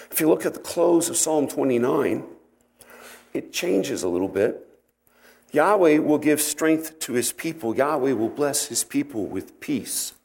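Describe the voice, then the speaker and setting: A man giving an expository Bible teaching, reading scripture aloud and then explaining it in an unhurried, conversational way, with fillers and self-corrections. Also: mid-range voice, a little mellow.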